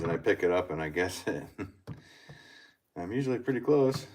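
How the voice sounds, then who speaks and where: A man's voice: deep voice, a little fast. A man in his thirties, a potter chatting casually on a live stream while he works, thinking aloud and reading viewers' comments. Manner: easygoing, thinks aloud, reads chat comments. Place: pottery studio. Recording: loud background noise with clicks.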